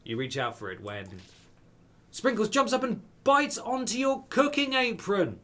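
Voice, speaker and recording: A man's voice: high voice, very animated, unhurried, bright, forceful tone. A man streaming a dating game, reading the text aloud with playful, wry asides.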